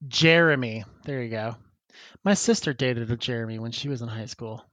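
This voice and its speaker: A man's voice: medium pitch, moderate pace, fairly bright tone, no echo. A man co-hosting a podcast, chatting casually and reading listener emails aloud, laughing often. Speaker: podcast co-host.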